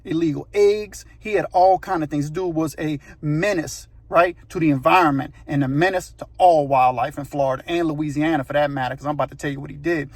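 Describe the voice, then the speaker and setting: A man's voice: on the high side, a little fast, hardly any pauses, no room sound. A man telling a true story in a casual, conversational way, often checking in with the listener.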